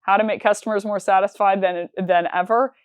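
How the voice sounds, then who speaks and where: A woman's voice: medium pitch, steady tone, brisk, clean tone, no echo, clean studio sound. A woman hosting a sales show, talking through business advice in a candid, conversational way and counting off her points one by one.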